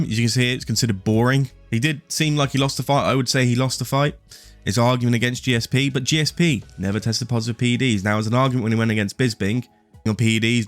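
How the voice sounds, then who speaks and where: A man's voice: on the low side, no room sound. Opinionated young man, dry close voice. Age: late 20s. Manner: opinionated, talks straight to the viewer. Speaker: sports commentary YouTuber. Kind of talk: casual opinionated commentary.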